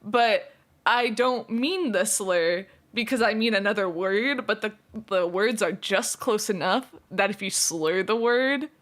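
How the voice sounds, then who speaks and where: Young female streamer, bright and fairly high voice, easygoing drawl, giggly, casual live-stream chat. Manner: fast-talking, giggly, self-conscious about her pronunciation.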